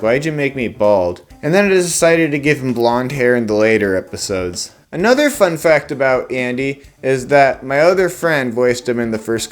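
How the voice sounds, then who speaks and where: A young man hosting his own channel, casually explaining his cartoon characters in a relaxed, rambling way with frequent fillers. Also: mid-range voice. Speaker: animator and channel host.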